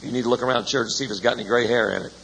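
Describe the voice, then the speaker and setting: A man's voice: mid-range voice, fairly even intonation, rapid-fire, vocal fry, fairly bright tone. An older man preaching a sermon in a church, a folksy storyteller who jokes with the congregation. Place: church sanctuary. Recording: echoey church hall, faint noise.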